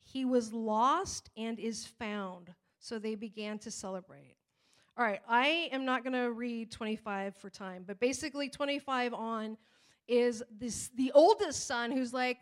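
A woman pastor preaching in a conversational, animated way, retelling a family story and scripture with acted-out quotes. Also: on the high side, a little slow. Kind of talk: sermon with personal storytelling.

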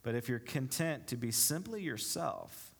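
A man's voice: mid-range voice, animated, a little slow, vocal fry, husky. A male pastor preaching a sermon, reading scripture aloud and explaining it with rhetorical questions to the congregation. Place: church.

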